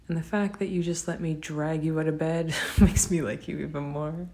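A young woman, speaking gently and tenderly to a partner in a whispered role-play, with soft laughs. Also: deep voice, flat delivery, normal speed. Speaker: affectionate partner.

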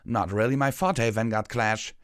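A man voicing a young male unicorn mage, speaking loud and strained in a storybook reading. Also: medium pitch, moderate pace, no echo, studio quality, pitched above the performer's own voice, close to an everyday voice. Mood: urgent.

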